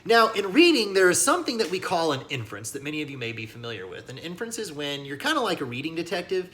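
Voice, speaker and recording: A man teaching as he reads a children's novel aloud, with lively asides that speak to young listeners. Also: a little high, fast, slight background noise. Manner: animated, addresses listeners as kiddos. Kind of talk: read-aloud storybook narration with lesson asides.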